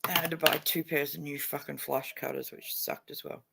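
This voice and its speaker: Gravelly, crude-talking male streamer. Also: on the high side, little pitch movement, brisk, heavy background noise. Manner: crude, profane and blunt. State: tipsy and stoned. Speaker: livestreamer. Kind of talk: casual livestream chat.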